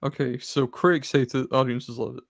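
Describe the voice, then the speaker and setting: A man's voice: medium pitch, level tone, moderate pace, gravelly, no echo, studio quality. A man guessing movies on a podcast, thinking aloud and repeating the clues back in casual chat. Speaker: podcast co-host guessing films.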